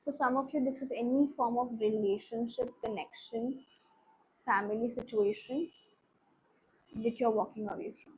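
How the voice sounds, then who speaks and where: A woman's voice: a little high, fairly even intonation, moderate pace, darkish tone, a little hiss or hum, poor audio. Indian woman giving an earnest spiritual reading. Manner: switches between English and Hindi, earnest and reassuring. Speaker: tarot reader.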